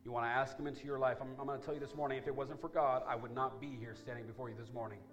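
Emphatic preaching man, soft music behind. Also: fairly even intonation, very fast. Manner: preaching with rising, emphatic build-ups and soft, low appeals. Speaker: pastor. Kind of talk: sermon with altar call. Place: church sanctuary.

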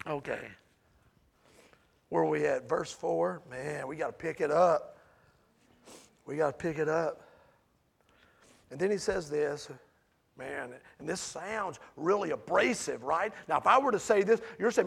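A man preaches through a Bible passage to a small group. His voice sits high and carries a gravelly edge. He talks to the room directly and swings between loud and hushed. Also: animated, measured pace, long pauses. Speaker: Bible study teacher. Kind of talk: preaching Bible study talk.

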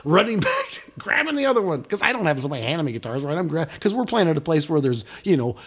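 Male podcast co-host, animated storyteller, higher voice that swings a lot. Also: quick pace, slightly rough. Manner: animated, rising to loud exclamations when retelling. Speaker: guitarist. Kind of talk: casual storytelling chat.

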